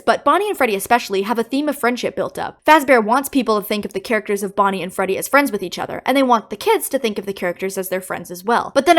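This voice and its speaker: A woman giving casual, playful, opinionated video commentary on game voice lines. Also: mid-range voice. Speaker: game theory YouTuber.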